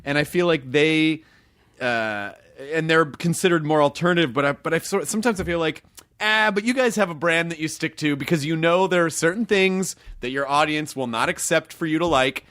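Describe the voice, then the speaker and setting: Male podcast host, higher voice, reflective and wordy, dry studio sound. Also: brisk, fairly bright tone, dry recording. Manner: thoughtful, wordy riffing with restarts. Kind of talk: casual podcast chat.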